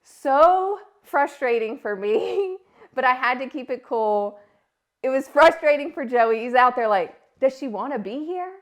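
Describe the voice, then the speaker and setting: A woman's voice: sits high, measured pace. A woman in her thirties, a podcast host telling a story in a casual monologue and acting out the voices she quotes. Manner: animated, acts out quoted voices.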